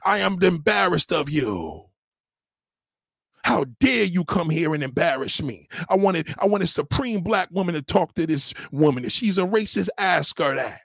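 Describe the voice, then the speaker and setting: New guy ranting on his stream, husky and kinda high, dry sound. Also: expressive, normal speed, hardly any pauses, a bit bright, dry recording. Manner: heated, scolding, repetitive. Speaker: livestream host. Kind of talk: ranting commentary.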